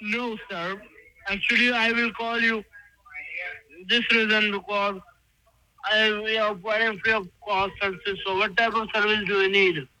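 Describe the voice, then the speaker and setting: A man's voice: sits high, level tone, measured pace, sharp tone, no room sound. A man working as a telemarketer on a phone call, reading a repetitive sales script.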